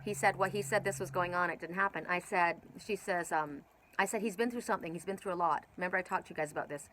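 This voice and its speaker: A woman's voice: lowish voice, quick pace, a bit bright, slight background noise, low-quality recording. A woman doing a casual oracle card reading outdoors, rambling through personal stories with many fillers. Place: outdoors with birds nearby.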